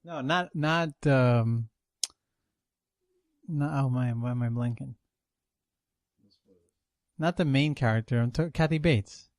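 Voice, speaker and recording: A man's voice: medium pitch, takes it slowly, long pauses, no echo, studio quality. A man co-hosting a podcast, talking hesitantly and searching for words in casual TV chat. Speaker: podcast co-host.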